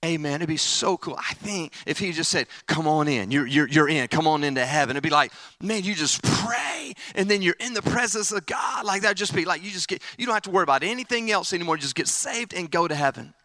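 A male preacher with a high, bright voice delivers a lively camp sermon, calling out to his listeners one moment and dropping to a hushed, earnest tone the next. The sound is close and dry, with little room in it. His delivery is playful and animated. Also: brisk, hardly any pauses, no echo. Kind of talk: energetic sermon. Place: camp meeting.

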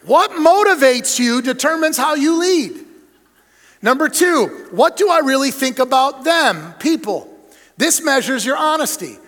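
Emphatic high-voiced male preacher, echoing hall. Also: lively intonation, measured pace, a bit bright. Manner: emphatic preacher, punchy lists, acted-out anecdotes. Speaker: superintendent speaking to church leaders. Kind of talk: sermon-style leadership talk. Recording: long hall reverb.

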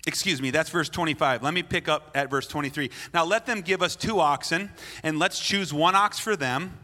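Man preaching, blunt, playful, bright forceful voice, slightly high, long hall reverb. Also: normal speed. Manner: blunt, playful, acts out quotes. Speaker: pastor. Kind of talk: sermon.

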